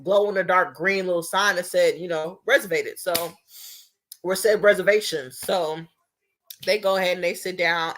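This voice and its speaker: A young woman, telling a casual storytime story in an animated, profane, chatty way. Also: fairly low pitch.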